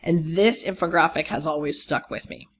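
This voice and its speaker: A lecturer giving a recorded course lecture, explaining clearly, speaking directly to students and stressing key words as they rephrase points. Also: mid-range voice, normal speed, a bit bright.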